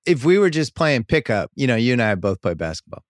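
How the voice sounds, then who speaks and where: A man's voice: mid-range voice, big pitch swings, a little fast, no echo. A man hosting a podcast in a studio, chatting casually about sports and prodding his guest with questions. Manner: conversational, probing questions, pushes the talk along. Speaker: podcast host.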